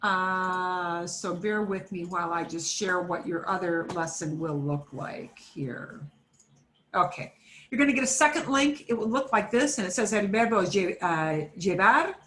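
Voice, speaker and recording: Lowish, animated and a little slow, with a fairly bright tone, a woman leads a beginner Spanish class by video call. She mixes English and Spanish, repeats herself, and fills her chatty speech with fillers and self-corrections.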